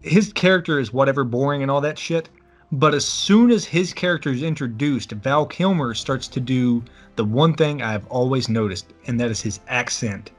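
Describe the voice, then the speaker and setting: A man co-hosting a casual movie podcast over beers, sarcastic and profane, joking as he picks the film apart. His voice sits at an ordinary middle pitch. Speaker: podcast co-host.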